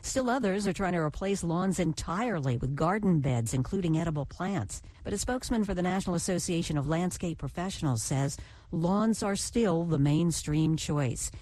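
A woman's voice: fairly low pitch, lively intonation, normal speed, darkish tone, no echo. A woman correspondent delivering a scripted news feature in a conversational tone with playful questions.

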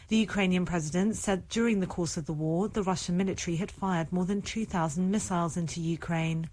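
Female reporter, lowish voice, steady scripted report. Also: a little fast, low-quality recording. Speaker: news correspondent.

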